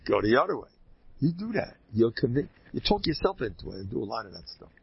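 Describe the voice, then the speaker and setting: A man, a rabbi, teaching a lively religious class, telling anecdotes with bursts of loud emphasis. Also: medium pitch, quick pace, vocal fry, husky, dry recording, highs cut off.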